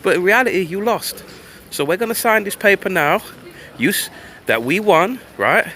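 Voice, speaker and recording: A man's voice: high voice, big pitch swings, moderate pace, bright, forceful tone, slight background noise, voice pushed up, heavily acted. A man voicing a blunt, mocking male Russian official who talks in a coarse, taunting way. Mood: gloating.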